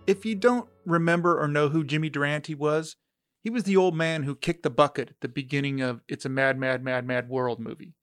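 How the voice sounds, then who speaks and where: A man's voice: on the high side, fairly quick, fairly bright tone, clean tone, no room sound, clean studio sound, soft background music. Reflective man reading a letter aloud. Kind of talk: read-aloud story narration.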